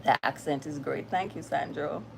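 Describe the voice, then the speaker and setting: A woman's voice: deep voice, normal speed, gravelly, background noise. A woman with a Jamaican accent hosting a casual livestream, greeting viewers by name in a chatty, upbeat way. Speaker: livestream host.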